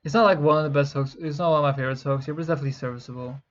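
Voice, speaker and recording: A young man giving rambling, excitable music reaction commentary, swearing often and filling pauses with "uh" and "like". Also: fairly high pitch. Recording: dull lo-fi mic with faint music. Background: faint music playing.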